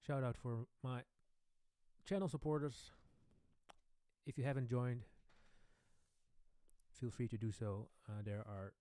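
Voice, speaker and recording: Brief: a man hosting a relaxed live-stream Q&A, mid-pitched, close and dry on a studio mic. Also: a little slow, pauses often, clean tone, dry recording. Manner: relaxed, chatty, thanks viewers by name, trails off softly. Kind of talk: casual live-stream chat. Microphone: studio microphone.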